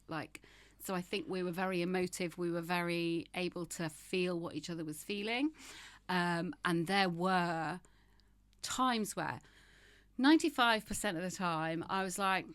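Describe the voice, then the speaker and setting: A woman's voice: lowish voice, normal speed, fairly bright tone, no echo. A woman in her fifties, a podcast guest, talking frankly and often laughing as she moves between humor and grief. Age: 50s. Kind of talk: candid conversational interview.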